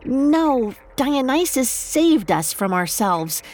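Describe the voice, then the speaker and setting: A woman's voice: high-pitched, very animated, slow pace, a little mellow, voice pushed up, full character voice. A woman voicing a princess turned into a bat, speaking with forced cheer and resignation in a storybook tale. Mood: resigned.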